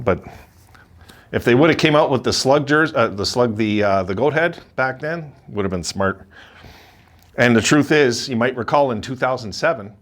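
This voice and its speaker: A man hosting a casual hockey video, ranting with lots of repetition and mocking others in a high voice. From Buffalo area, Sabres fan. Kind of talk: casual opinion monologue.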